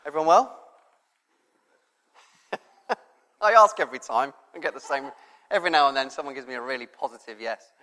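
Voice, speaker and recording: Guy giving a relaxed rambly sermon, mid pitch voice, lots of hall reverb. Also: moderate pace, long pauses. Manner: chatty, rambling with fillers. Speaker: preacher. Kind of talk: informal sermon.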